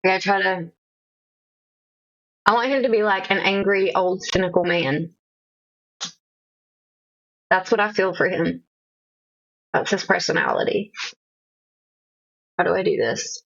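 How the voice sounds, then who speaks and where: A woman's voice: mid-range voice, unhurried, vocal fry, pauses often, fairly bright tone, no room sound, muffled recording. A young woman streaming from home, chatting in a rambling, self-conscious, jokey way. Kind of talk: casual live-stream chat. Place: home room.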